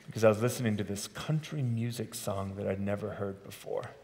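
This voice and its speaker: A man's voice: lowish voice, steady tone, a little fast, creaky, a little mellow. A middle-aged man, a pastor, preaching a sermon in a conversational way with self-deprecating humor, in a large church sanctuary. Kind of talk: sermon with personal stories. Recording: long reverb of a church hall.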